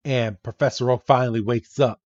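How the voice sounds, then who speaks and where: A man's voice: medium pitch, fairly even intonation, darkish tone, dry recording, dull audio. A man hosting a podcast, recapping a comic aloud in a chatty way and correcting himself as he goes. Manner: slow, chatty, self-correcting. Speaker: podcast host.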